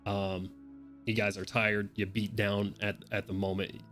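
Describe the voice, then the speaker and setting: A man's voice: on the low side, level tone, measured pace, fairly bright tone, soft background music. A man running a tabletop roleplaying game as dungeon master, narrating in a casual, rambling way with swearing.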